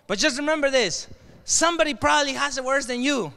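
A man with a Mexican Spanish accent giving an energetic motivational keynote to a crowd, leading call-and-response chants with bursts of shouting. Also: very high-pitched, fast, gravelly. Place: large hall at a leadership conference. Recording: echoey hall, long reverb.

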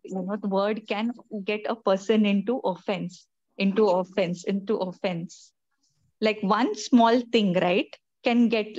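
A woman's voice: mid-range voice, darkish tone, muffled recording. Woman Bible teacher, affirming and preachy. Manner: affirming, preaching cadence with repetition. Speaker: Bible teacher leading the group. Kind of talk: teaching in an online prayer group.

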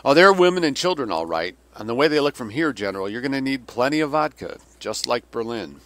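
A man voicing a jovial male Russian army colonel who answers briskly and jokes. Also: medium pitch, very animated, fairly bright tone, voice pushed up.

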